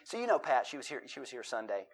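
A man's voice: mid-range voice, sing-song, quick pace. A middle-aged man preaching a sermon, telling self-deprecating stories and reading scripture and poetry with dramatic emphasis. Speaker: pastor.

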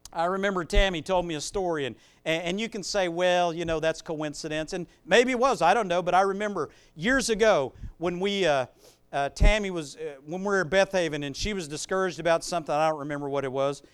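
A man with a high, smooth and resonant voice preaches a sermon. He reads scripture, then builds to loud, emphatic preaching. He drops into chatty asides full of fillers and restarts. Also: a little fast. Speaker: pastor.

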